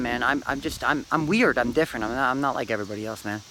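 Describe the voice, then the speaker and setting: A man rambling through a meandering, philosophizing monologue to camera, pausing often and tagging lines with "man" and "dude". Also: mid-range voice, bright, forceful tone, a little hiss or hum, poor audio. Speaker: vlogger.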